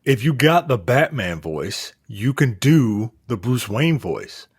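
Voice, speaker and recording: Male co-host, husky, dry close sound, emphatic and repetitive in casual banter. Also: mid-range voice, takes it slowly, no room sound. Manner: animated, repeats points for emphasis. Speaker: podcast co-host. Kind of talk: casual chat.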